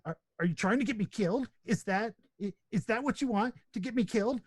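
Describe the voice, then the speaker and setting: A man's voice: high voice, brisk, slightly rough, dry recording, studio quality, voice pushed up. A man doing a stammering panicked alien creature. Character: frightened jittery male alien creature.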